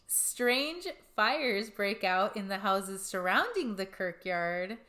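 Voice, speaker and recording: A woman's voice: mid-range voice, very animated, takes it slowly, pushed and bright. A woman co-hosting a podcast, casually reading out ghost stories from her notes with giggly asides. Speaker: podcast co-host.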